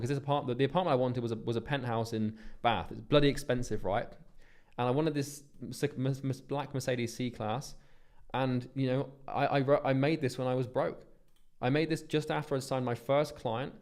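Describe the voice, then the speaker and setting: A man's voice: mid-range voice, a little mellow. A man, talking earnestly and bluntly in a motivational vlog monologue, swearing freely and restarting his sentences. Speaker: business coach.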